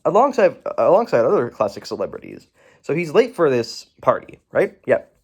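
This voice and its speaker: A man talks through a movie review in a loose, rambling way, often starting a word and then correcting himself. His pitch swings sharply up and down from phrase to phrase, giving the talk a lively, animated feel. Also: moderate pace, breathy edge. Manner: rambling, with self-corrections and asides. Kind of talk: casual video review.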